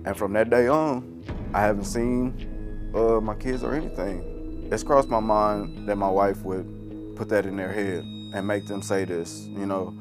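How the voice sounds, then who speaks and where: A man's voice: fairly low pitch, steady tone, measured pace. A man telling his side in a confessional interview, emotional and pleading. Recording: music bed underneath.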